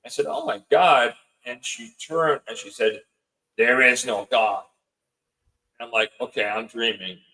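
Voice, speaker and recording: A man, a podcast guest, recounts a frightening night in a halting way, stumbling and repeating words as he goes. His voice sits at a middle pitch. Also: pushed and bright, poor audio. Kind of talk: storytelling in a podcast interview.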